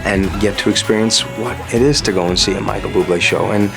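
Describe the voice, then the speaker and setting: Low-voiced, playful male singer. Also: fairly even intonation, gravelly, music in the background. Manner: chatty and playful, with quick restarts. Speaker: singer guest. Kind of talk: casual interview chat.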